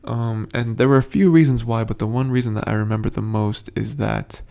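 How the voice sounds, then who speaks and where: A man's voice: mid-range voice, fairly even intonation, fairly quick, gravelly, warm tone. A man hosting a casual, rambling TV episode recap, full of hesitant fillers. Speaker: host.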